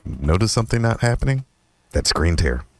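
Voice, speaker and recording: A young man hosting his own podcast, telling a personal story in a rambling, profane way, laughing often and jumping into a higher voice when he quotes himself. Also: very animated, moderate pace, darkish tone. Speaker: podcast host. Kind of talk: casual storytelling monologue.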